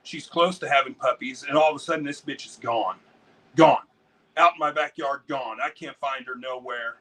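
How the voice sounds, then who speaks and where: An American man, a dog breeder and interview guest, telling stories in a rambling, excitable way full of swearing. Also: medium pitch, normal speed, distant mic, poor audio. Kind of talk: casual storytelling.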